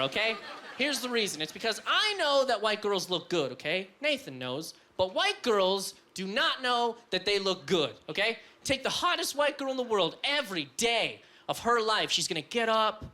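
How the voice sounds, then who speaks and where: A man doing a stand-up set on a comedy club stage, loud and high-energy, often breaking into shouts. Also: big pitch swings, moderate pace.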